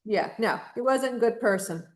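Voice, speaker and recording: A woman's voice: fairly high pitch, normal speed. Blunt, emphatic woman co-host. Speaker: podcast co-host. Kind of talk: casual opinion chat.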